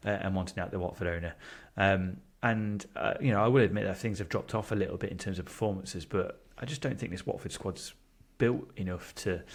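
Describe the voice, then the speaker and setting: Male podcast co-host, fairly low voice; argumentative, emphatic, jokey. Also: breathy edge. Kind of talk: casual football chat.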